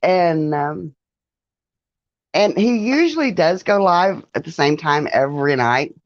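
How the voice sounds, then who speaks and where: A woman's voice: low-pitched, expressive, takes it slowly, dry recording, lo-fi sound. A woman hosting a casual livestream, chatting with viewers, greeting them by name and laughing often. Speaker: livestream host. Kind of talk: casual live-stream chat with viewers.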